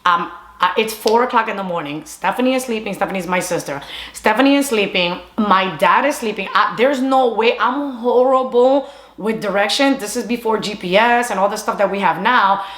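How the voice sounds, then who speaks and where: Young woman, casual storyteller, animated, mixes English and Spanish, mid-pitched voice, echoey room. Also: a little fast. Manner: animated, chatty, switching between English and Spanish. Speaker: storyteller vlogger.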